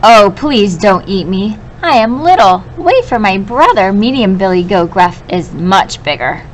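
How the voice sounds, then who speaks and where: A woman reading aloud and voicing a small, timid, hungry billy goat in a high, pleading, whiny voice. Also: lively intonation, a little slow, slight background noise, lightly acted, poor audio.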